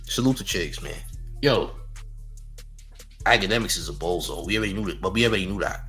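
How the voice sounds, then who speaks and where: Young male livestream host, low voice, punchy and cocky, repeats himself, laughs at his own jabs. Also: animated, fairly quick, sharp tone, soft background music. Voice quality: boastful, trash-talking. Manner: repeats phrases, laughs between lines. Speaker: YouTube commentary host. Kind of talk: livestream commentary with chat.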